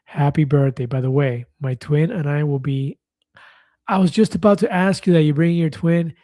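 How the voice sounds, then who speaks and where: A man's voice: fairly high pitch, normal speed, dark tone, no room sound. A man in his fifties hosting a casual livestream, chatting and reading viewer comments aloud, laughing easily. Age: 50s. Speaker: livestream host.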